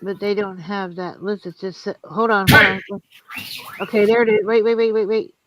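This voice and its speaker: A woman hosting a live stream, casually talking through a mystery game and giving quick directions, with hiccups. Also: mid-range voice, little pitch movement, background noise. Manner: bossy, quick back-and-forth, restarts. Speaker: host playing a mystery game. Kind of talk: casual chat while playing a game.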